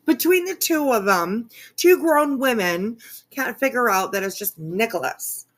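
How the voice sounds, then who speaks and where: On a casual live stream, a woman reacts to a clip while chatting with viewers, laughing often and swearing freely. Her voice is fairly high and expressive, and she talks slowly.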